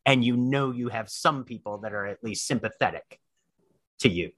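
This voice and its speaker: A man running a tabletop game as storyteller, narrating scenes in a measured, descriptive way. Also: medium pitch, fairly bright tone, breathy edge, no echo.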